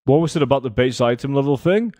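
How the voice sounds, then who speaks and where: A young man in his twenties talks casually on a livestream, answering chat while he plays. His voice sits at an ordinary middle pitch. The sound is dry and close to the mic. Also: expressive, quick pace, warm tone, dry recording. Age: 20s. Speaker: streamer.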